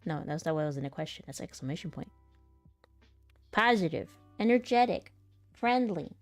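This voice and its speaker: A woman's voice: low voice, flat delivery, rapid-fire, warm tone, no echo, soft background music. A young woman streamer practicing voice acting, chatting casually and laughing at herself between takes. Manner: giggly, self-mocking, chatty. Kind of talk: casual live-stream chat.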